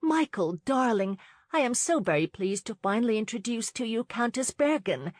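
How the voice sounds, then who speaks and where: Woman playing a gushing marchioness, bright and chirpy, dry sound. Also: lowish voice, animated, normal speed, no room sound. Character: cheerful young marchioness, gushing and eager.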